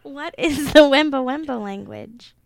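A woman's voice: high voice, a little slow, vocal fry. A young woman co-hosting a podcast, reading aloud and chatting casually, laughing often, teasing and swearing. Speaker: podcast co-host.

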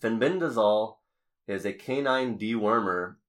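Man, very low voice, podcast host, casual chat, halting restarts, many fillers.

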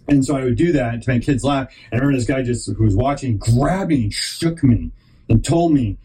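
A man's voice: medium pitch, fairly quick, breathy edge, low-quality recording. A man hosting his own podcast, telling a rambling personal story, often restarting sentences and acting out other people in raised voices. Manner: animated, acts out quoted people in raised voices. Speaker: podcast host.

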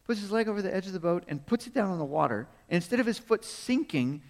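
The recording, with the long reverb of a large hall, captures a man preaching fast in a high voice with lively intonation. He frames his sermon as a friendly story, asking rhetorical questions and chuckling often.

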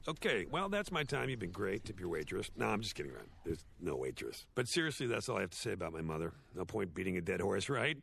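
A man voicing a washed-up male horse sitcom star, giving a rambling, sardonic, self-deprecating eulogy in an animated series. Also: low voice, fast talker, gravelly, hardly any pauses, husky, exaggerated voice. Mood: awkward. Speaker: eulogy speaker. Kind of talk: animated series dialogue, comic monologue.

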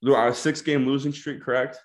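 A man's voice: mid-range voice, flat delivery, a little fast. A young man hosting a casual sports podcast, laid-back and hesitant, steering the talk with questions. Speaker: podcast host.

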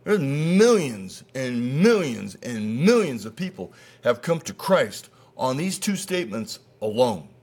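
A man preaching a sermon as pastor, folksy and conversational, swinging between loud emphasis and quiet asides. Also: medium pitch, very animated, unhurried, few pauses, slightly rough.

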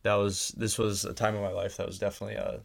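A young man with a Wisconsin accent talks casually as a podcast guest. His voice sits low with a gravelly fry. He speaks haltingly, with plenty of ums and restarts. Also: little pitch movement. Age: young adult. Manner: halting, with many fillers and restarts.

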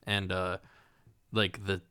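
A young man with a low voice and a bright, forceful edge, chatting on a podcast. He is laid-back and mostly chimes in with quick agreements before telling a short story of his own. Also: level tone, clear, resonant tone. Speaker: podcast co-host. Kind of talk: casual chat.

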